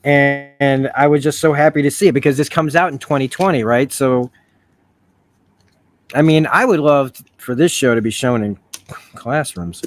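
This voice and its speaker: A man's voice: mid-range voice, normal speed. A man hosting a casual review, thinking aloud with many restarts and frequent swearing. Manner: rambling, profane, with self-correcting restarts. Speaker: video essay host.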